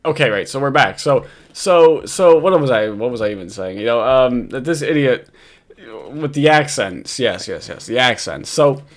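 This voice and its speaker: A man with a New York accent gives a casual reaction commentary in a mid-range voice, with lively intonation and a moderate pace. He wanders from point to point, swears freely and keeps laughing as he mocks what he's watching.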